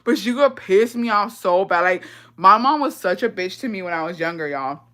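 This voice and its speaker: A woman's voice: mid-range voice, animated, normal speed, bright, forceful tone. A young woman vlogger telling embarrassing childhood confessions in casual, profane slang, often breaking into laughter.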